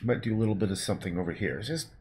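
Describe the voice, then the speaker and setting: A man's voice: fairly low pitch, very fast, noisy background. A man talking casually on a livestream as he paints, rambling and laid-back, swearing now and then. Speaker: painter streaming his work.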